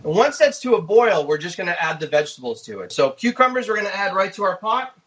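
A man, a guest chef, giving a relaxed step-by-step cooking demonstration. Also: high voice, quick pace, highs cut off. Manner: easygoing, step-by-step explaining.

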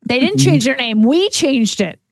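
Teasing woman tossing in quick remarks. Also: sits high, big pitch swings. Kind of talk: casual chat.

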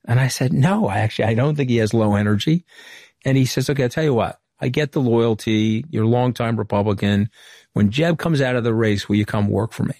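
A man's voice: medium pitch, a little fast, darkish tone, dry recording, studio quality. A middle-aged man from Long Island, giving an interview guest's candid, anecdotal account and acting out past conversations. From Long Island, New York. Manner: candid, anecdotal, recounts dialogue. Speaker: interview guest, former White House communications director. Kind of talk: interview storytelling.

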